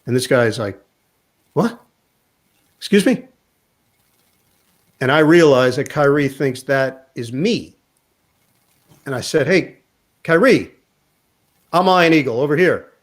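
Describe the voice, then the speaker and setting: A man, a sports broadcaster, telling an animated anecdote in a casual interview and quoting people along the way. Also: mid-range voice, a little slow, pauses often. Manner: animated anecdote teller, quotes others in voices.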